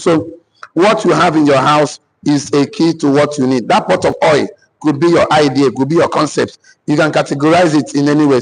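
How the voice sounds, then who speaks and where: A Nigerian man with a somewhat high, husky voice, teaching like a preacher. He repeats each key phrase slowly for note-taking, then presses on with emphasis. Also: rough recording. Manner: preacher-like, cites scripture. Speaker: business mentor. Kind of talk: motivational teaching session.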